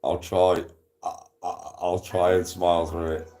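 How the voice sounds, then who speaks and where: A man's voice: deep voice, level tone, a little slow, mellow, soft background music. A man streaming casually, rambling and swearing, laughing often as he retells conversations. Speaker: golf streamer. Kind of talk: casual live stream chat.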